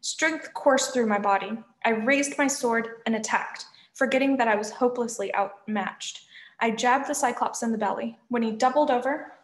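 A woman's voice: fairly high pitch, moderate pace, reverberant. Woman reading a novel aloud. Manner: lively first-person narration, shouting quoted lines. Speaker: reader.

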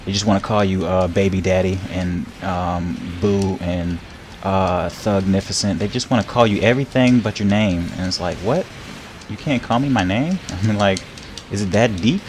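A young man giving casual, rambling commentary while playing a game, repeating words, laughing often and getting loud when he takes hits. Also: deep voice, fairly even intonation, moderate pace, a little hiss or hum. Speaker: gameplay streamer. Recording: faint game music behind.

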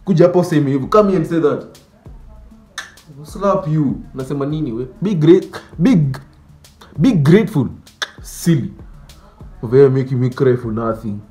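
A man doing a comic monologue about school types, animated and mock-outraged, dropping Swahili slang. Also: fairly high pitch, moderate pace, pauses often, reverberant, soft background music. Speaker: comedy sketch creator. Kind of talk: comedic monologue with skits.

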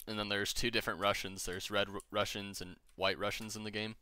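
A man's voice: lowish voice, little pitch movement, brisk, pushed and bright, clear, resonant tone, no room sound. A young man chatting casually with friends while gaming, rambling, joking and swearing freely. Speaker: gamer streaming with friends.

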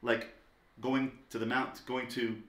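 A man giving a lecture on parenting, talking emphatically and swinging between loud stressed words and soft low asides. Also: level tone, unhurried. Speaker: parenting teacher. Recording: echoey room.

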